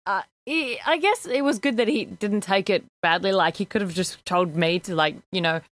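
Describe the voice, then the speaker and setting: A woman co-hosting a podcast, chatty and quick to laugh as she tells stories. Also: mid-range voice, noisy background. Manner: giggly, chatty, storytelling. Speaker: podcast co-host. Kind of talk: casual chat.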